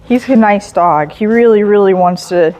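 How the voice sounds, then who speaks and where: A woman dog trainer explaining a training session while giving calm, patient commands and soft praise to a dog. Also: mid-range voice, moderate pace.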